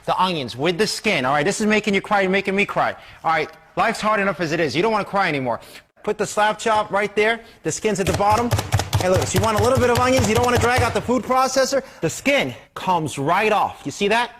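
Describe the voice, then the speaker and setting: A man delivering a pushy infomercial pitch in brash, rapid-fire patter, his voice riding high and swooping all over. He chops food as he talks, and the slaps and clicks of the chopper come through clearly behind him. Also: lively intonation, background noise.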